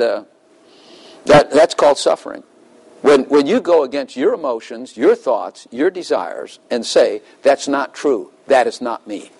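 A middle-aged man preaching in a relaxed, chatty way. He laughs often and slips into short acted-out exchanges with God, and his pitch sits in an ordinary middle range for a man. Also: low-quality recording. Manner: conversational, laughs often, acts out dialogues with God. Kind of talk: sermon.

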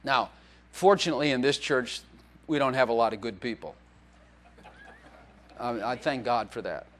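A man's voice: medium pitch, normal speed, a bit bright. A man preaching as a pastor in a church, in a joking, conversational way with playful acted quotes. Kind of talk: sermon.

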